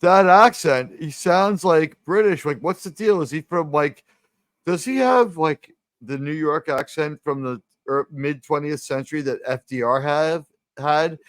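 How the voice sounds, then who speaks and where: A man from the US Northeast hosting a casual review chat, rambling and animated with lots of fillers. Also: fairly high pitch, measured pace, no echo. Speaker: podcast host.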